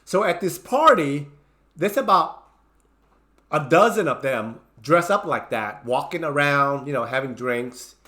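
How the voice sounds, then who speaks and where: A man recounts a chaotic party in a loose, animated storytelling manner, his voice rising and falling widely. He talks slowly in a bright, fairly high tone and breaks off often to restart or add fillers. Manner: animated, acts out his own panicked lines; many fillers and restarts, non-native grammar. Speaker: channel host telling a story. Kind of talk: casual storytelling.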